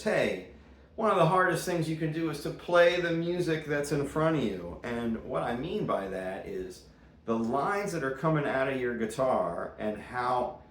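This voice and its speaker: A man teaching jazz guitar in a casual, chatty way, full of puns and playful asides. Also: medium pitch. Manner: playful, punny, chatty asides between examples. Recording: roomy sound with loud guitar playing.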